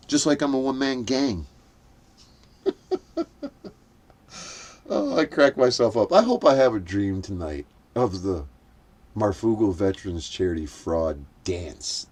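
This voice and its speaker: A man's voice: fairly low pitch, a little mellow. An older man hosting a late-night livestream, rambling, swearing and cackling at his own jokes, punch-drunk from lack of sleep. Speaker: livestream host.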